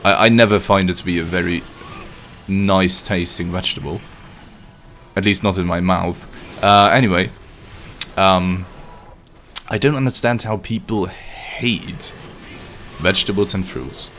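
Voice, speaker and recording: A man's voice: low-pitched, steady tone, a little slow, long pauses, a bit bright, slight background noise. A man streaming a video game live, joking and swearing as he chats to his viewers in casual commentary. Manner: joking and profane, chatting to viewers. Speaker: livestreamer playing a video game.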